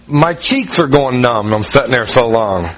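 A man with a Southern US accent, from Ohio, preaching in a relaxed, folksy, self-mocking way with many fillers. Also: medium pitch, normal speed. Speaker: pastor. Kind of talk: conversational sermon.

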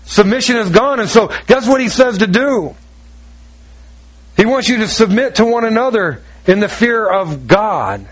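A pastor delivering a sermon with a notably high voice for a man. He is middle-aged and folksy, joking with his listeners and acting out bits of conversation as he goes. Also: expressive, moderate pace, rough recording. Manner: folksy and joking, acts out dialogue.

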